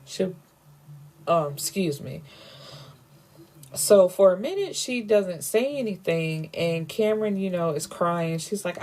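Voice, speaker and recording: A woman's voice: lowish voice, lively intonation, unhurried, darkish tone. A woman casually retelling a novel's plot, acting out the characters' lines and filling her talk with "you know". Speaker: book reviewer. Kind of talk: casual book recap.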